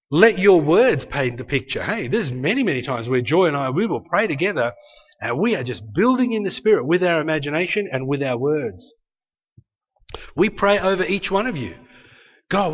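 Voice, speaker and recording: A man's voice: on the high side, fairly bright tone. A man, preaching an earnest, conversational sermon and speaking prayers aloud. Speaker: pastor. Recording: dull sound with long hall reverb.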